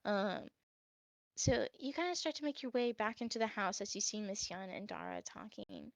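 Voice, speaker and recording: A woman's voice: medium pitch, huge pitch swings, moderate pace, no room sound. A woman narrating as game master of a tabletop game, with many ums and uhs. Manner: hesitant, filler-heavy narration.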